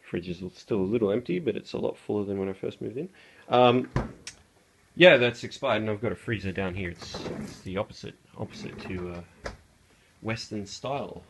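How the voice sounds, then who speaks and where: In this casual cooking vlog, a young Australian guy chats and rambles in a cramped kitchen, full of slang and filler words. He speaks at a normal speed in a fairly low voice with vocal fry, over slight background noise.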